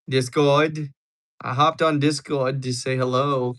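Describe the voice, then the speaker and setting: A man's voice: mid-range voice, flat delivery, slow, a bit bright. A young man hosting a livestream, chatting casually and joking as he answers viewers. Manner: joking, rambling replies to chat. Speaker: livestream host.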